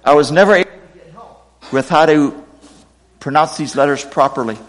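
A middle-aged man preaching a sermon, reading scripture quotes with expressive, dramatic delivery. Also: fairly high pitch, normal speed, big-room sound. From United States, raised partly in Pakistan. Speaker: pastor.

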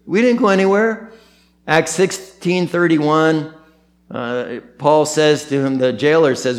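A man preaching a sermon as pastor, animated, acting out the quotes he tells. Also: a little high, slow pace.

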